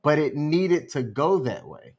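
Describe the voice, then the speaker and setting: A man co-hosting a podcast, telling a story in a calm, measured, unhurried way. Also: on the high side, husky, dull audio. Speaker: podcast co-host. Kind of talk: casual storytelling chat.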